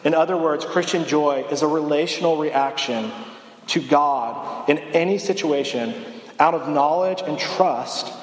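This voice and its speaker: A young campus minister preaches at a measured pace, his voice sitting on the high side. He's conversational and self-deprecating, often restarting sentences, and the sound has an echoey hall reverb.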